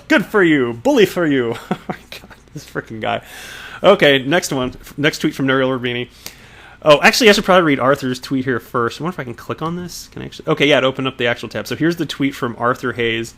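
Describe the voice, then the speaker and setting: A man's voice: medium pitch, fairly bright tone. A man hosting a crypto news channel, giving casual commentary on news pieces and tweets with frequent chuckles, amused asides and self-corrections.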